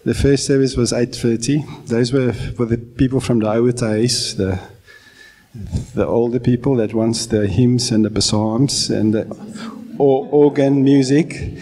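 A man's voice: medium pitch, steady tone, unhurried, dark tone, slight background noise. A man in his forties from South Africa with an Afrikaans accent, preaching a sermon in a conversational, self-deprecating way with false starts. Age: 40s. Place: church.

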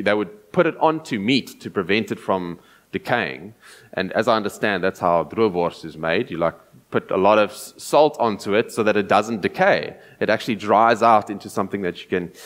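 A man preaching an earnest, explanatory sermon, often pausing and restarting as he thinks. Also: fairly low pitch, a bit bright.

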